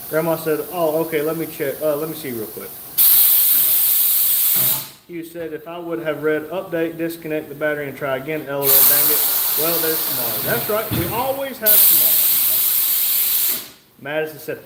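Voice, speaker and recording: A man with a slightly high voice hosts a live stream, reading viewers' comments and tossing in dry, joking remarks. He sounds like he's in a roomy, echoey garage, with a faint hiss of noise underneath. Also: moderate pace, long pauses. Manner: joking, wry asides while reading comments aloud. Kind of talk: casual live-stream chat.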